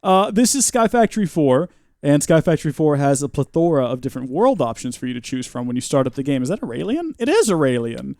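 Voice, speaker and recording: A man's voice: fairly high pitch, big pitch swings, fast talker, a little mellow, no echo. A man giving chatty, joking live gameplay commentary and reading out viewer comments. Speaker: streamer.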